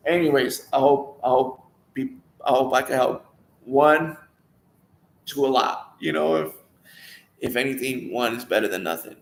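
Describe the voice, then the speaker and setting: Gravelly man rambling through a story. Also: medium pitch, echoey room, slight background noise, poor audio. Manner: rambling, full of "you know" asides. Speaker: storyteller sharing his life story. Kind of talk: casual personal storytelling.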